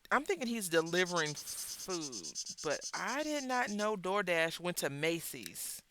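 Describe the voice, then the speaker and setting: A woman hosts a crafting video, telling a story at her craft table as she works. Her lowish voice is unhurried, and she chats in an animated way, dropping wry asides.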